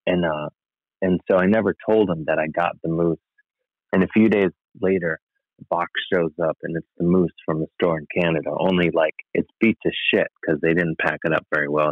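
A man's voice: deep voice, no echo. A man telling a rambling, wry personal anecdote as a podcast guest, full of asides. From United States. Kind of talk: casual anecdote. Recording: thin phone-like sound, dry.

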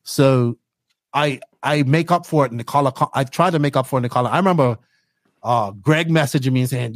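A young man from Bermuda telling stories as a podcast guest, excitable and animated as he acts out his own reactions. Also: mid-range voice, brisk, no room sound, clean studio sound. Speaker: podcast guest, race commentator. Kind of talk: casual interview storytelling.

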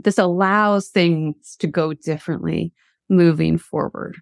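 A middle-aged woman, a coach and university teacher, tells a story in a motivational talk with lively asides and restarts. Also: medium pitch, normal speed, no room sound, clean studio sound.

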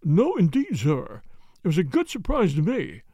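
A man's voice: sits high, wildly swooping pitch, normal speed, dark tone, husky, no room sound, studio quality, exaggerated voice. A man voicing an anxious, cringing middle-aged butler who stammers and pleads deferentially in an audiobook. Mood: pleading. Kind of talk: audiobook character voice.

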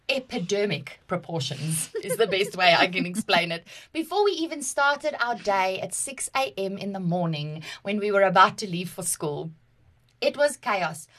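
A woman with a South African accent, co-hosting a podcast and telling a personal story in an animated, dramatic way. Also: mid-range voice. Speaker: podcast co-host. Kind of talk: casual chat, personal storytelling.

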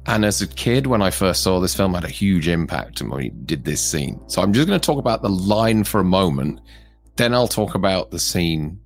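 A man co-hosting a casual film review chat, animated and laughing often. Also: sits low, fairly quick. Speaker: co-host.

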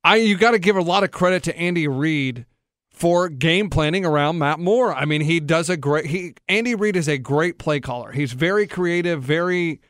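A man's voice: fairly high pitch, moderate pace, fairly bright tone, dry recording, studio quality. A man hosting a sports radio show, arguing football points bluntly in casual debate. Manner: argumentative, blunt.

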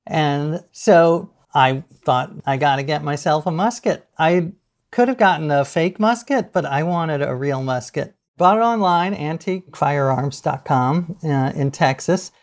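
A middle-aged man telling anecdotes as a podcast guest, animated, laughing easily and acting out what people said. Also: on the high side, unhurried. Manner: animated storyteller, laughs often, acts out quotes. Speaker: guest author. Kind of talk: casual podcast interview.

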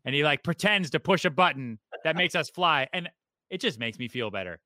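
A man in his thirties chatting as an interview guest, lively and quick to tell a story. His voice is bright and forward, recorded dry and close with no room sound. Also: a little high, dry recording. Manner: energetic, animated storytelling. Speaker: guest, real estate broker. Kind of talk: casual interview chat.

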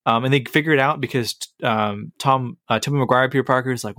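A man's voice: mid-range voice, steady tone, fast, few pauses, a bit bright, dry recording, studio quality. A man co-hosting a podcast, chatting casually and enthusiastically about a movie with a rambling, jokey manner. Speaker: podcast co-host. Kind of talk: casual movie review chat.

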